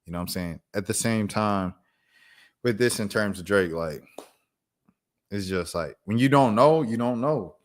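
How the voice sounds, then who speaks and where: A man with a fairly low voice hosts a casual live stream. He talks in loose slang and muses out loud as he reacts to the news, going back over his own thoughts. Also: measured pace, pauses often. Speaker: streamer host.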